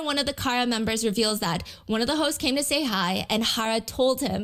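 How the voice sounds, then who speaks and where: A woman narrates a story in a clear, explanatory way, adding her own commentary as she goes. Her voice sits a little above the usual female pitch. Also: fairly quick, hardly any pauses, a bit bright. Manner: explanatory, acts out quotes. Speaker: video narrator.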